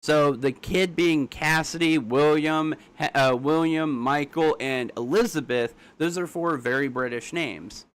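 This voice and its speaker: A young man streaming live, talking casually and bluntly, quick to argue. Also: a little high, clean tone. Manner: blunt, rapid, argumentative.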